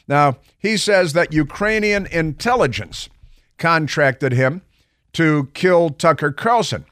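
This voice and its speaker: A man's voice: on the high side, slow pace, a bit bright, dry recording, studio quality. A man hosting a talk radio show, delivering a sarcastic monologue. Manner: sarcastic, mocking quoted voices.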